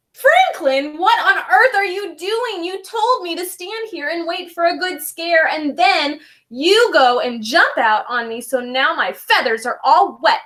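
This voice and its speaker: A fretful little boy penguin from a storybook gasps through his hiccups in a high, bright voice, as a woman reads him aloud. His pitch leaps up and down a lot, and he takes his time between words. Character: small young male penguin with hiccups, fretful. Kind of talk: storybook read-aloud for children.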